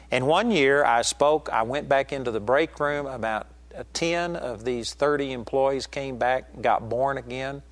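A middle-aged male preacher delivering a fervent sermon. His voice sits at an ordinary pitch but leaps upward when he drives a point home, and he slows right down on key lines. The sound is close and dry. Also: no room sound. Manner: impassioned, rises sharply in pitch for emphasis, slows to stress lines; acts out quoted voices in retelling a story.

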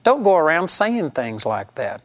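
A man preaching a sermon, teaching earnestly and emphatically, repeating his key phrases and slowing down to stress scripture. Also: fairly high pitch, very animated.

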